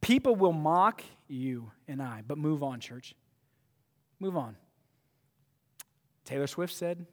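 A pastor preaches to his church, his voice sitting a little high. He talks emphatically and often restarts his phrases. A long reverb hangs after him in the sanctuary. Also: animated, slow, long pauses, a little mellow. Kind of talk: sermon.

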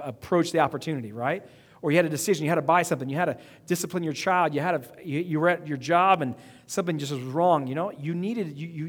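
A man preaching a sermon, building to emphatic outbursts and repeating phrases as he goes. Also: on the high side. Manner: preaching with emphatic rising outbursts and quick repetitions. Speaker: pastor. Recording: long reverb of a hall.

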